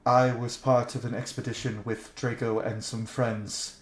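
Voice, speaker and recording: A man voicing a grave, restrained male knight captain who speaks in a solemn, measured way. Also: mid-range voice, little pitch movement, echoey room, close to an everyday voice.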